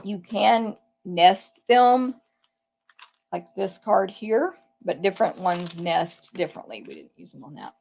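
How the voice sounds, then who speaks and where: A woman's voice: mid-range voice, a little slow, gravelly, darkish tone. A woman giving a casual live tour of papercraft products, chatty, thinking aloud and correcting herself as she goes. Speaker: papercraft demonstrator.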